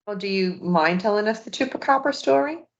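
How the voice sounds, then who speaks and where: A woman podcast host in relaxed, casual interview chat, giving frequent mm-hmms. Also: mid-range voice, fairly quick, vocal fry. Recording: dull lo-fi audio.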